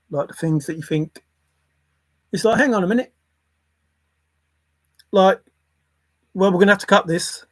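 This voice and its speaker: A man's voice: on the high side, dry recording. A man, musing aloud on his own in a playful, rambling way, jumping between silly word associations.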